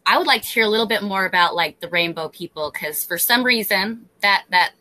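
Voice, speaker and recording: Bright-voiced hesitant woman co-host. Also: medium pitch, a little fast, poor audio. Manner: hesitant, filler-heavy, eager. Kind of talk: casual interview chat.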